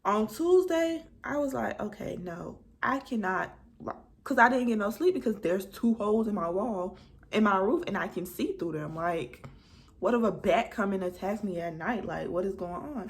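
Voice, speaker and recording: Gravelly-voiced woman telling a story. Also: mid-range voice, normal speed. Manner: animated, dramatic retelling with quoted dialogue. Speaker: vlogger. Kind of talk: casual storytime chat.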